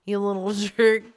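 A woman's voice: a little high, darkish tone. A woman streamer in casual chat, crude, profane and giggly.

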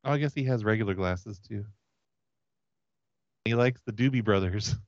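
A man's voice: fairly low pitch, moderate pace, no echo. A man making a prank phone call, stammering and playfully silly. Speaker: prank caller. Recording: dull lo-fi with faint noise.

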